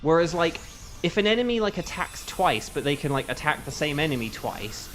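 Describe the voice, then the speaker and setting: A man's voice: a little high, big pitch swings, fairly quick, fairly bright tone, faint music behind. Rambling male game streamer. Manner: rambling, filler-heavy, self-aware. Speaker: streamer and voice actor. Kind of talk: casual live-stream chat over gameplay.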